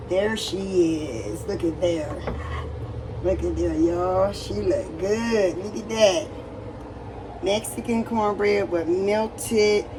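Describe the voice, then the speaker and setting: Chatty woman cooking-vlog host. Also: mid-range voice. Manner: chatty, addresses viewers as y'all. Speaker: cooking vlogger. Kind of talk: casual cooking vlog chat. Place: home kitchen. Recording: noisy home recording.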